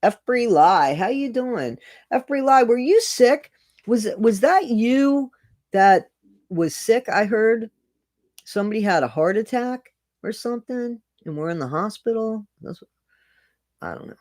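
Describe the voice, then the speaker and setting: A man's voice: high voice, expressive, unhurried, darkish tone, no room sound. A middle-aged man chatting casually with viewers on a live stream, greeting them by name and repeating his phrases.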